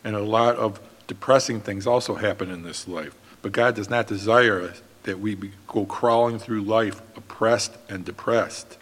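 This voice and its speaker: A man preaching a sermon as pastor, in an earnest, steady manner. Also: fairly low pitch, moderate pace, hardly any pauses, long reverb tail.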